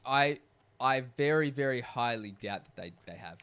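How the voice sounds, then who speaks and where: A man's voice: mid-range voice, lively intonation, normal speed, a bit bright, smooth. A man co-hosting a podcast, talking in casual chat and arguing his point emphatically, with some swearing. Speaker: podcast co-host.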